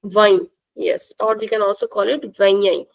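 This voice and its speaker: A woman teaching a language class, speaking slowly and patiently and repeating words for her students. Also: mid-range voice, fairly even intonation, gravelly, rough recording.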